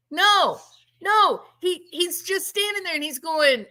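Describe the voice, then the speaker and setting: A woman's voice: very high voice, lively intonation, slow pace, pushed and bright. A woman giving a casual true-crime commentary in a sarcastic, incredulous, emphatic manner.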